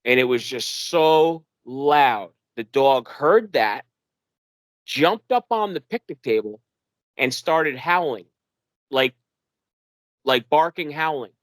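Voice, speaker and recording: Animated man telling a story, dry mic. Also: mid-range voice, measured pace, pauses often, dry recording. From New York. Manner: animated, acts out quoted dialogue in a raised voice, many fillers. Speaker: guest telling his encounter. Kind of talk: casual storytelling interview.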